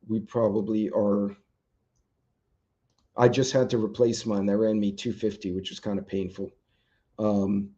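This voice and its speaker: Dull, lo-fi stream audio carries a livestream host's warm, fairly low voice. He rambles through a casual chat with viewers, reading their comments and filling gaps with lots of ums.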